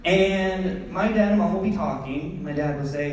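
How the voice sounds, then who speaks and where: A young man doing storytelling stand-up on a theatre stage, animated and acting out scenes. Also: sits high, moderate pace. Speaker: stand-up comedian. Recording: echoey theatre from far off.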